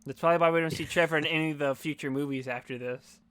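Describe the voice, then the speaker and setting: A man's voice: fairly high pitch, steady tone, rapid-fire, fairly bright tone, clean tone, dry recording. A man co-hosting a casual movie-review podcast, making sarcastic jokes. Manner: sarcastic, jokey.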